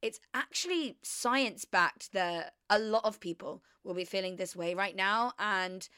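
A woman's voice: mid-range voice, unhurried, bright, forceful tone, smooth, no room sound, clean studio sound. A young woman, hosting a casual confessional chat, rambling and chatty with lots of fillers. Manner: rambling, chatty, heavy use of "like". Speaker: podcast host.

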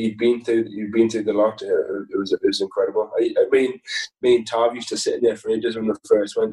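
A man's voice: fairly low pitch, warm tone, distant mic, poor audio. A man talking as a footballer guest in a casual interview, rambling and laughing with many restarts.

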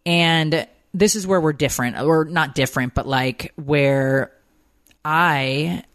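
Woman, 30s, podcast co-host, lively talkative storyteller, dry close mic. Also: sits low, slow, no echo. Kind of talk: casual chat.

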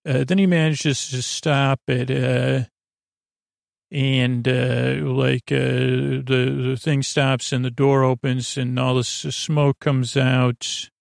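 A man with a gravelly, creaky voice recaps an episode on a podcast, rambling and filling gaps with uhs. His voice sits at an ordinary pitch, close and dry with no room sound. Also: little pitch movement, slow, no echo. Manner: rambling, many ums and uhs, loosely quotes characters. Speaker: podcast host.

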